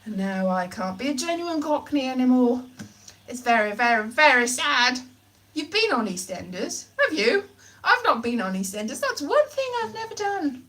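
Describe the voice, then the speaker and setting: Playful, high-voiced woman. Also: sing-song, moderate pace, a bit bright. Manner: playful and silly, slipping into put-on voices and nonsense sounds. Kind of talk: comic rambling chat.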